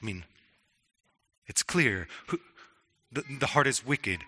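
A man's voice: mid-range voice, animated, slow, bright, forceful tone, slightly rough, in a large hall. A man preaching a sermon in an earnest, conversational way, often restarting his words. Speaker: pastor.

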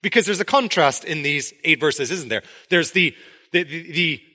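A pastor with a fairly high-pitched voice preaches at a normal speed. His sermon feels conversational and animated, and he acts out the quotes from the story as he tells it.

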